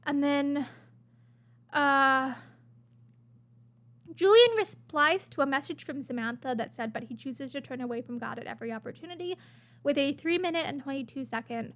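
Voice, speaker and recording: A woman's voice: high-pitched, animated, normal speed, long pauses, fairly bright tone. A woman casually commenting while reading out message screenshots, chatty with many fillers and bursts of gushing. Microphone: webcam-style desk setup.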